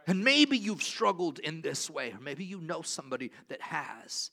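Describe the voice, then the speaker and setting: A male pastor preaches with a dynamic delivery, moving between ringing exclamations and hushed scripture reading. His voice is bright and forceful. It sits a little high for a man. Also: sing-song, normal speed, creaky, hardly any pauses. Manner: dynamic, swinging from loud exclamations to quiet reading. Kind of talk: sermon.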